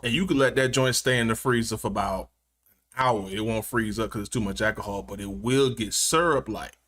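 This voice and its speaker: A man's voice: lowish voice, fairly quick, fairly bright tone. A man live-streaming from his gaming chair at home, chatting casually with viewers, joking and laughing often.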